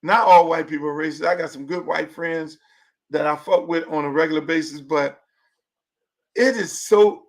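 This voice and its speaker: A man hosting his own show, ranting loudly and profanely about sports and politics, laughing and shouting as he goes. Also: fairly high pitch, normal speed. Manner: loud, profane, laughing, animated rants. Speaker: show host. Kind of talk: casual commentary on sports and politics.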